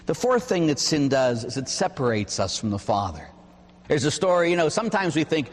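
Man, priest, sermon, emphatic storytelling, lively pitch, slightly high voice. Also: normal speed, in a large hall. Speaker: Catholic priest.

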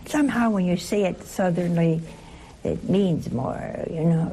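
A woman leading a Catholic Bible study, teaching in an animated, playful way and asking her listeners questions. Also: lowish voice, measured pace, a little hiss or hum. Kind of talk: lively scripture teaching to a group.

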